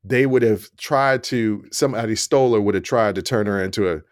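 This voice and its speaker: A man's voice: fairly low pitch, a little fast, smooth, no room sound, studio quality. A man hosting a podcast, chatting casually, laughing often and speaking straight to his listeners. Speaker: podcast host. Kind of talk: casual chat.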